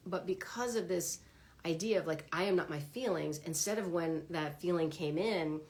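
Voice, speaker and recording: A woman talking casually on a livestream about her own therapy experience, chatty and animated, acting out her inner dialogue. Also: fairly low pitch, moderate pace. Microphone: phone or webcam on a livestream.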